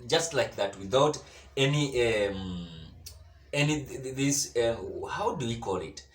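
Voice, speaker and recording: A Kenyan man delivers political commentary in an emphatic way, repeating himself and stumbling over words. His pitch rises and falls a lot. The recording sounds roomy and echoey. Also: animated, a little slow.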